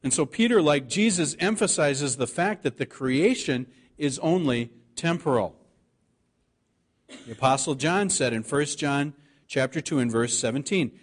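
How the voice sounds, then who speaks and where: A man preaching a sermon, reading scripture aloud and slowing down to stress the key words. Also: medium pitch, animated. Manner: earnest preaching, slows to stress scripture quotes. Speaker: pastor.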